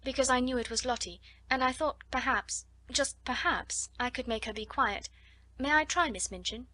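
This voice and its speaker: A composed young girl speaks gently in a quiet, low voice. A woman reader plays her close to the mic, with a dry sound. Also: expressive, normal speed, no room sound, heavily acted. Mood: gentle.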